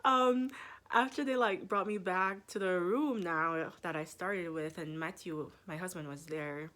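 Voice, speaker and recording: A woman's voice: lowish voice, pushed and bright. A young woman in her twenties, a medical student, telling a story in a casual vlog with lots of fillers and laughter. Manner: chatty, laughs often, drawn-out fillers.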